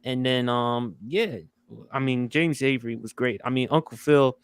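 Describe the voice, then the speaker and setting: Smooth-voiced man leading podcast talk. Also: mid-range voice, normal speed. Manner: leads the talk, asks questions and tells anecdotes. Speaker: podcast host. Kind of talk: casual podcast chat.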